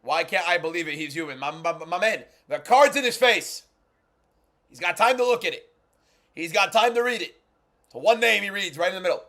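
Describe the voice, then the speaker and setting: A man hosting a live fight watchalong, reacting with incredulous, repetitive exclamations that swing from low muttering to shouting. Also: expressive, fairly quick. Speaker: watchalong host.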